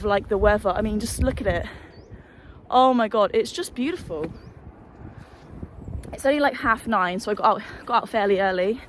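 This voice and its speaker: Woman vlogger, a touch high, sweary and self-mocking, windy handheld outdoor audio. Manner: chatty, sweary, self-deprecating. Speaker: hiking vlogger. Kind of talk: casual vlog chat while walking.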